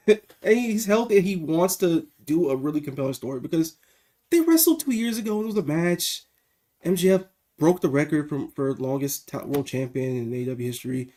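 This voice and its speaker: Man, slightly high voice, casual podcast co-host, animated, blunt, video call. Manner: animated, swearing, quick asides. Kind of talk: casual wrestling review chat.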